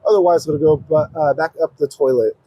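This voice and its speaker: A man with a slightly high but mellow voice gives a casual RV walkthrough, explaining each feature in a plain, practical way. The sound is dry and close, with little room around it. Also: a little fast, slightly rough, no room sound. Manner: steady, practical, explaining controls step by step. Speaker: RV dealership salesperson giving a walkthrough. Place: outdoors around an RV, then inside it.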